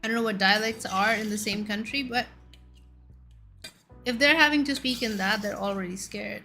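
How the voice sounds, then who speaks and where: A woman's voice: mid-range voice, moderate pace, sharp tone, soft background music. A young woman streaming, chatting casually and playfully with her chat and stumbling over tongue-twisters.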